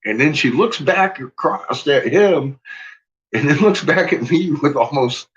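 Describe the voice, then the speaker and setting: A man's voice: fairly high pitch, animated, unhurried, a bit bright, dull audio. A man casually telling a personal story, swearing freely and laughing often as he talks.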